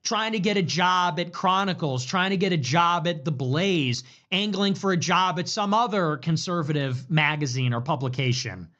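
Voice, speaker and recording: A man in a rambling, profane political rant, sarcastic and trailing off into low asides, from a replayed video. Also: moderate pace, hardly any pauses, bright, forceful tone, dull audio. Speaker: political commentator. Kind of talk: rambling ranting commentary.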